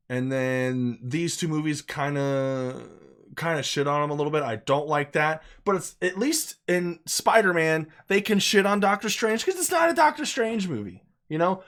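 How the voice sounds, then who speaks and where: A man with a mid-range voice offers an off-the-cuff movie review, full of excitement and emphasis. Profanity comes freely, and he repeats himself to hammer points home.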